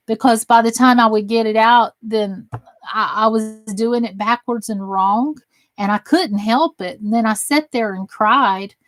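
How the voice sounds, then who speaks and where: A woman's voice: on the high side, no echo. A woman from the American South with a Southern accent, chatting folksily on her crafting live stream and reading comments aloud. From Southern United States. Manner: folksy, chatty, self-deprecating. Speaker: crafting livestream host.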